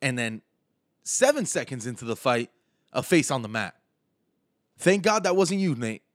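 Male comedian-host, young adult, slight lisp, mocking riffing delivery, lively pitch, dry close sound. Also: normal speed, dry recording. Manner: animated, sarcastic and mocking. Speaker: podcast host and stand-up comedian. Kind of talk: comedic sports rant.

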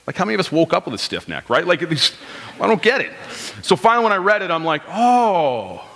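Sitting high and sing-song, this pastor in his thirties speaks rapid-fire with a creaky, pushed, bright voice. In a church sanctuary with long hall reverb, he preaches conversationally, asking rhetorical questions and quoting his congregation.

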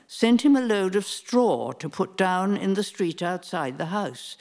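Slow, measured older woman. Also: fairly low pitch, darkish tone. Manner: measured, deliberate storytelling. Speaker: speaker giving a museum talk. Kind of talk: prepared family-history talk read aloud.

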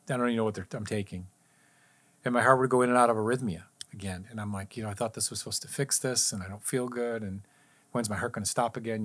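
A man's voice: medium pitch, a bit bright. A middle-aged man earnestly telling a faith testimony in casual conversation, acting out his own pleas. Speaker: guest sharing testimony.

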